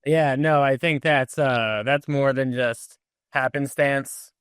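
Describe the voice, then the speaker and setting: A man hosting a podcast interview, speaking hesitantly with pauses and "uh". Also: medium pitch, steady tone, a bit bright, smooth, no room sound, clean studio sound. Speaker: podcast host.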